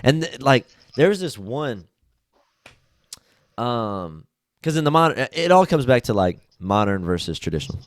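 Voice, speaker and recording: A man's voice: mid-range voice, normal speed, dry recording. A young man hosting a podcast, chatting casually and acting out quotes from people in different voices, loose and profane. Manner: animated storyteller, acts out quotes in voices. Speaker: podcast host.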